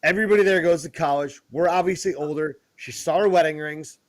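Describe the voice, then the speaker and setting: Man in his 50s, podcast co-host, high lively voice, dry close sound, rambling and crude. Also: brisk, dry recording. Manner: rambling storyteller, swears freely. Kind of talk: casual chat.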